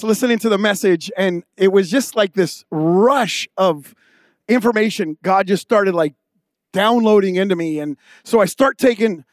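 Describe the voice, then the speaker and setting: A man's voice: high-pitched, dry recording, clean studio sound. A male pastor giving a sermon with casual, humorous storytelling.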